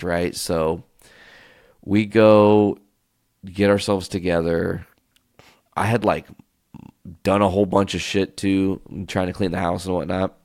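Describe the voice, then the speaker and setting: Podcast host, male, very low gravelly voice, dry close sound, swears freely while telling a story. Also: dry recording. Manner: profane, ranting, animated storytelling.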